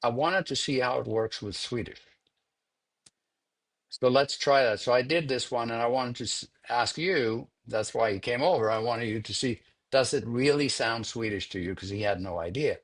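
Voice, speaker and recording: An older man, a film sound editor being interviewed, telling a story in an unhurried, conversational way and repeating words as he thinks. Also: mid-range voice.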